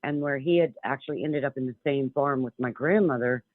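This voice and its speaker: A man's voice: medium pitch, fairly quick, no echo. A man calling in to a radio show, telling a long personal story in an earnest, rambling way with many restarts. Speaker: caller. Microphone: telephone. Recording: tinny phone line.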